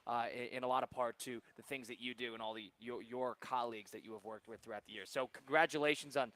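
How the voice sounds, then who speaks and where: A man's voice: mid-range voice, steady tone, fast, fairly bright tone. A man hosting a live sports talk radio show, thanking a guest and wrapping up the segment in an upbeat way.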